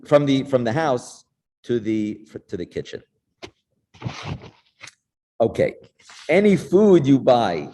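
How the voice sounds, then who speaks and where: A man's voice: on the low side, darkish tone. A middle-aged man with a New York accent giving an informal class as a rabbi, chatty and storytelling, with frequent restarts.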